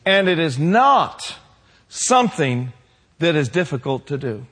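A man preaching a sermon to his congregation, building to shouted passages and calling for responses. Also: on the high side, very animated, unhurried, breathy edge. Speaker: pastor.

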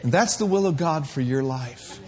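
A man from Minneapolis preaching a sermon, playful and animated, sometimes rising to shouts. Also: medium pitch, moderate pace. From Minneapolis, USA.

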